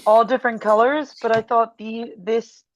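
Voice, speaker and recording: A woman in a casual chat, relaxed and speaking in short replies. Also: a little high, normal speed, poor audio.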